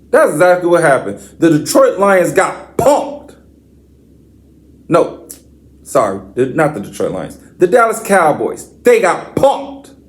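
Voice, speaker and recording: A man hosting a sports podcast, reading stats and then ranting with profane, slangy trash talk. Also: a little high. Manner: reads stat lines in a flat list. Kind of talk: sports commentary rant.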